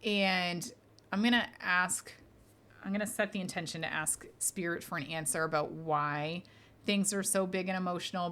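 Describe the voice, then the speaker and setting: A woman's voice: on the low side, fairly bright tone. A woman hosting a casual podcast as a medium, chatty and reassuring as she answers listener questions. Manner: chatty and reassuring, frequent fillers, laughs lightly.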